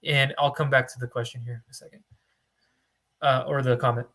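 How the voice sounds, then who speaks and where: Young male finance broker, bright forceful tone, blunt tough-love lecturer. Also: mid-range voice, little pitch movement, fairly quick. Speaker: small business funding broker. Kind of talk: direct-to-camera advice talk.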